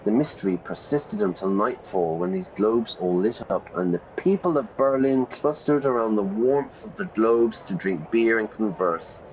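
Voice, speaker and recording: A man with a lowish voice reads a game's narration aloud for English learners, pausing in a playful way to gloss words and fix his own slips. The sound is a little dull and lo-fi, with a faint hiss behind him. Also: lively intonation. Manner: playful, pauses to gloss vocabulary and self-correct. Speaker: English teacher streaming a game. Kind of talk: reading game text aloud and explaining words.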